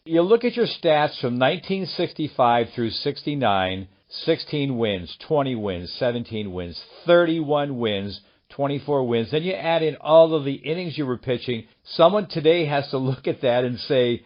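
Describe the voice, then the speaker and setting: A man's voice: a little high, animated, moderate pace, few pauses, highs cut off. A man hosting an interview, reading out statistics and asking long questions. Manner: reads out stats, asks long questions. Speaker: interviewer, host.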